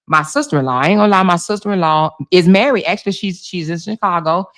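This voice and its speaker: Hoarse woman live-chatting with viewers. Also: fairly low pitch, fast talker. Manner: loud, laughing, animated, talking to chat as "y'all". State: hoarse with laryngitis. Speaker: livestream host. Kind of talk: casual livestream chat reacting to viewers.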